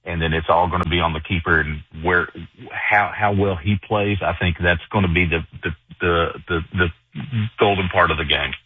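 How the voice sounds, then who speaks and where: A deep, husky man from Arkansas calls in to a sports radio show. He speaks over a tinny phone line with a dry sound. He repeats himself as he works his way through his thoughts. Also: steady tone, dry recording. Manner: halting, repeats words while thinking. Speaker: caller. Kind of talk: casual call-in sports chat.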